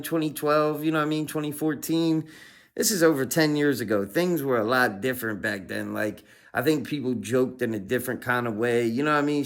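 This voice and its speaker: A man's voice: mid-range voice, fairly bright tone. A man hosting a casual reaction stream, laid-back, full of fillers. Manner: laid-back, lots of fillers like "you know what I mean".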